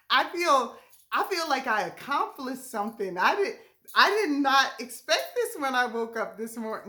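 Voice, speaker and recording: A woman's voice: high-pitched, very animated, moderate pace, bright, forceful tone. A woman leading a ministry message, speaking in a heartfelt, emotional way and laughing through near-tears. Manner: heartfelt, laughing through tears, Southern-tinged casual speech. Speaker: ministry leader.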